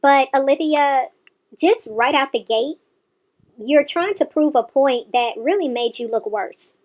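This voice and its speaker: A woman's voice: sits high, a little slow, darkish tone. A woman hosting a reaction channel, giving pointed, sarcastic commentary on a clip.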